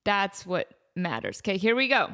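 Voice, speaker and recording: Animated, self-mocking woman podcast host. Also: mid-range voice, normal speed, very noisy. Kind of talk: casual chat.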